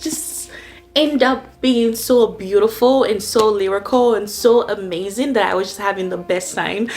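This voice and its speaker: A woman book vlogger chatting casually and gushing about a novel, with lots of "like" fillers. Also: medium pitch. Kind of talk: casual book review chat.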